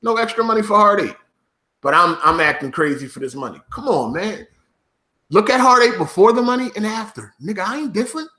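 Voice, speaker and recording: High, bright-voiced man ranting profanely. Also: animated, a little fast. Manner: profane, repetitive, emphatic ranting. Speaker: YouTuber. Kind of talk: vlog rant to camera.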